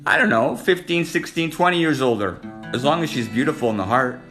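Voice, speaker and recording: A man's voice: medium pitch, lively intonation, brisk, a bit bright, faint music behind. A man hosting a casual live stream, flirting playfully and calling out viewers by name. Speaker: livestream host reading viewer comments.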